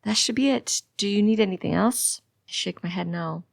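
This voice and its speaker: A woman's voice: medium pitch, moderate pace, vocal fry, dry recording, studio quality. A woman doing a sing-song night nurse. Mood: soothing. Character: petite young woman nurse, soothing.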